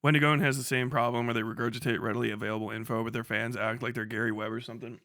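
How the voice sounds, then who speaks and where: Bright, mocking young male streamer. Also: mid-range voice, little pitch movement, rapid-fire, no echo, clean studio sound. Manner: profane, mocking, laughs often. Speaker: live streamer. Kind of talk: casual livestream commentary.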